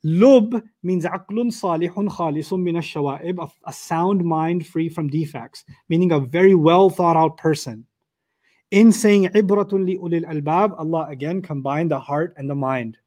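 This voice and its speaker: A man with a fairly high voice gives an animated lecture on the Quran. He often poses questions to his listeners and recites Arabic passages quickly before explaining them. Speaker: Quran teacher.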